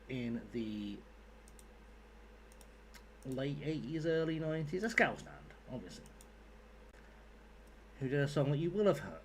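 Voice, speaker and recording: A man's voice: medium pitch, very animated, unhurried, long pauses, slight background noise. A young man streaming a game, chatting casually with his viewers, rambling, joking and swearing freely. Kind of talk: casual live-stream chat.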